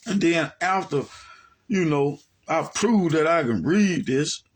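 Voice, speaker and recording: A man's voice: fairly high pitch, expressive, takes it slowly, husky. A man from Alabama with an Alabama accent, giving a heated monologue rebuttal as a religious teacher. He talks in a colloquial, combative way. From Alabama, USA. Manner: colloquial and combative, repeating "man" and "you see what I'm saying".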